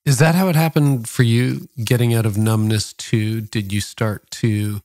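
A man's voice: fairly low pitch, fairly even intonation, normal speed, darkish tone, no echo, clean studio sound. A middle-aged man hosting a podcast, asking questions and thoughtfully sharing his own experience. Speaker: podcast host. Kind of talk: reflective interview conversation.

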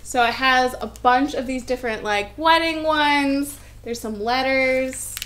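A woman's voice: high-pitched, measured pace, background noise. Bubbly, gushing young woman vlogger. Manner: bubbly, gushing, chatty with excited asides. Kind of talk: casual mail-opening vlog.

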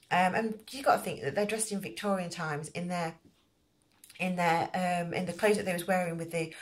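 A middle-aged woman hosting a crochet channel, explaining at length in a rambling casual way with many fillers and restarts. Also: fairly low pitch.

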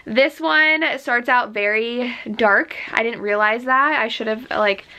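A woman's voice: a little high, unhurried, bright, forceful tone. A woman talking about books at home in a chatty, enthusiastic way, with a lot of "like". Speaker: book vlogger and teacher. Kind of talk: casual chat.

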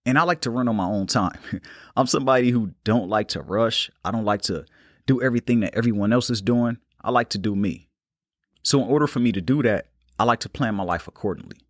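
Calm, unhurried man podcasting. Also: mid-range voice, no room sound, clean studio sound. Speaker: podcast host. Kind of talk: casual solo podcast talk.

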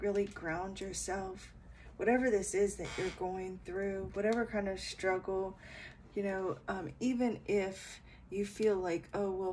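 A tired woman giving a casual late-night spiritual talk at home, speaking softly and hesitantly with many fillers, then guiding a meditation. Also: on the low side, slight background noise, rough recording. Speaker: spiritual reader.

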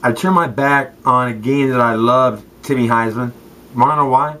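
Profane ex-athlete ranting to camera, mid-pitched, slangy and confrontational. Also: male voice, normal speed, pushed and bright, poor audio. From Southern California. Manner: street slang, addresses people directly, repeats "straight up" and "okay". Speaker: former football player. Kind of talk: rambling profane rant to the camera.

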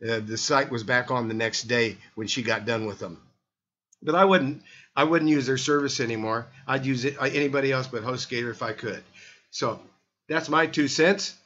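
A man's voice: mid-range voice, moderate pace, sharp tone, muffled recording. An older man hosting a health talk show, chatting casually and rambling with many restarts and fillers.

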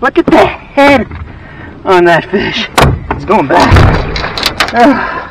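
A man hosting a fishing vlog outdoors on a lake, excitable and exclaiming, and out of breath. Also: high-pitched, slow pace, pauses often, distant mic, noisy background. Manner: excitable, exclaiming, laughing often. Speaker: fishing channel host.

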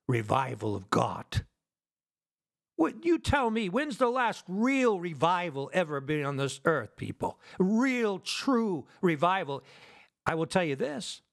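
Slow gravelly man preaching a fervent sermon. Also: on the high side. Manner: fervent preaching, swings between loud and hushed; asks the audience rhetorical questions.

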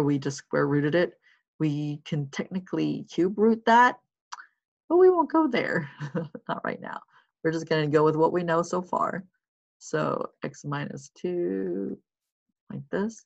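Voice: medium pitch, vocal fry. A math teacher casually talking through worked problems in a recorded lesson, thinking aloud while writing and checking in with listeners. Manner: encouraging and reassuring. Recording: slightly muffled lo-fi recording.

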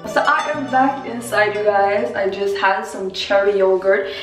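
A woman's voice: medium pitch, unhurried, over music. A woman vlogging casually to her viewers on a handheld camera, chatting to them directly. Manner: chatty, keeps addressing viewers as "you guys". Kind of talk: casual vlog talk to camera. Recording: echoey with loud street traffic noise.

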